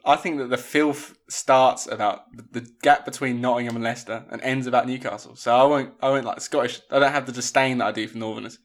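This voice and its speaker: A man hosting a film podcast in casual chat, often pausing with fillers. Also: medium pitch, fairly even intonation. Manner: hesitant, lots of fillers. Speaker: podcast host.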